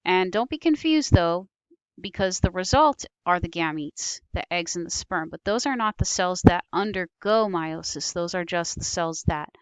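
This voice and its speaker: A woman's voice: fairly low pitch, animated, normal speed, clear, resonant tone, no room sound. A woman teaching biology over slides, explaining patiently with occasional ums and self-corrections. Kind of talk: recorded slide lecture.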